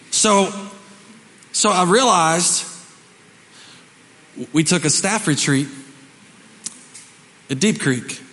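A man preaching a sermon as pastor, telling stories dramatically and swinging between shouting and hushed, quiet lines. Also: a little high, in a large hall, slight background noise. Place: church sanctuary.

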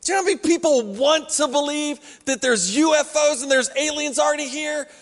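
With an extremely high pitch and a slightly fast delivery, a male pastor preaches in a church hall. He keeps the sermon conversational, acting out what others say.

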